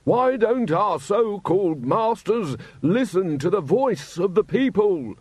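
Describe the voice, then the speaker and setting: A man voicing an angry male soapbox speaker who screams slow, drawn-out words at a crowd. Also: high voice, no echo, pitched above the performer's own voice, heavily acted. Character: ranting male street speaker, furious agitator.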